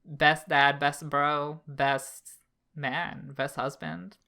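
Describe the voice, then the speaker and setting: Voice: mid-range voice, flat delivery, drawn-out words, creaky, sharp tone. A podcast co-host talking casually about anime, thoughtful and hedging, with many fillers. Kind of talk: casual anime discussion chat.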